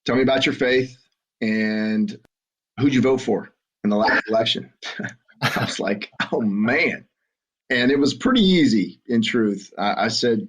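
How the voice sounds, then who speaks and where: A middle-aged man with a Southern American accent, telling his story as a podcast guest in an earnest, halting way with frequent restarts. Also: mid-range voice. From Southern United States. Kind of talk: conversational storytelling. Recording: muffled lo-fi audio.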